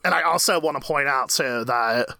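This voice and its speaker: A man co-hosting a TV recap podcast in casual chat, animated and laughing often as he retells scenes. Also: medium pitch, normal speed, gravelly, no echo. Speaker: podcast co-host.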